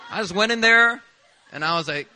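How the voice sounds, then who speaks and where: A male pastor from Philadelphia preaching a sermon in an animated, self-deprecating way, often laughing. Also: sits high, brisk, slight background noise.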